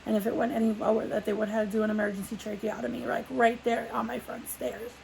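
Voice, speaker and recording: Gravelly-voiced woman rambling through a story. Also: fairly high pitch, little pitch movement, fast talker, darkish tone, slight background noise, low-quality recording. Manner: rambling, full of "like" fillers and restarts. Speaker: vlogger. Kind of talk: casual sit-down storytelling.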